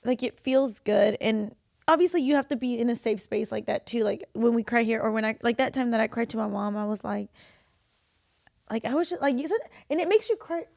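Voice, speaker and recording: Podcast co-host, woman in her twenties: high voice with a lot of fry, emotional chatty storytelling, dry close mic. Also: fairly quick, darkish tone, no echo. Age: 20s. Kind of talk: casual chat.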